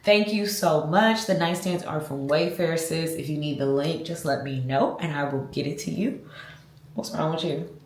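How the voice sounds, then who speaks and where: A low-pitched woman chats to her viewers in a casual home vlog. She sounds heartfelt and faith-filled. Her voice rings off the walls of an echoey room. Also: moderate pace, a little mellow, slight background noise. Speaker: lifestyle vlogger. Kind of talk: casual vlog talk to camera.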